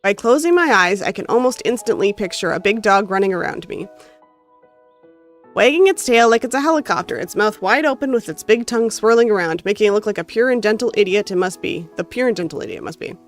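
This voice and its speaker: Here the same North American streamer speaks at medium pitch, animated and brisk, with faint music behind her. She alternates between reading the visual novel's text with expression and chatting casually with her stream.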